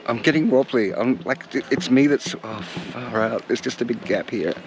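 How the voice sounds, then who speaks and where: A travel vlogger, a man with a mid-range voice, talks to the camera in a brisk, animated way, chatty and poking fun at himself. It's casual narration shot outdoors on location, and the recording carries loud background noise.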